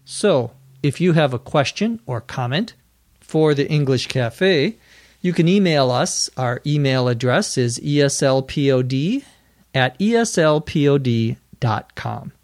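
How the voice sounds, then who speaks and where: An American man hosting an English-learning podcast, spelling words out letter by letter and repeating them slowly and clearly. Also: mid-range voice, animated, darkish tone, no room sound, studio quality. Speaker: podcast host and English teacher. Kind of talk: slow, carefully enunciated teaching.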